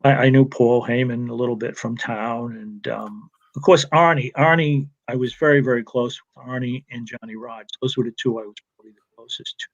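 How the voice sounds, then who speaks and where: A man's voice: medium pitch, steady tone, brisk. Storytelling man on a dull line. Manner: rambling anecdotes with restarts and laughs. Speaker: retired wrestling referee, guest. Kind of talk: casual storytelling interview.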